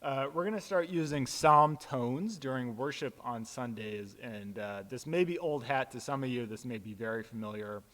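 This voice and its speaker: A man, a pastor, casually explaining how to chant psalms, relaxed and plain-spoken with frequent fillers. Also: mid-range voice, moderate pace, hardly any pauses, big-room sound.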